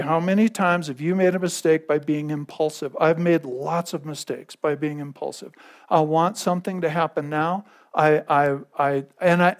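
A man preaching in a fairly high voice. He talks in a conversational way, circles back over his own phrases and keeps asking his listeners if they follow. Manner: conversational preaching, repeating phrases and checking in with the audience. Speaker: pastor. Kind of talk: sermon.

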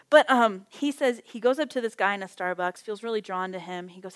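A middle-aged woman teaching a Bible study in a casual, conversational way, telling stories with lively acted-out quotes. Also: medium pitch, fairly quick.

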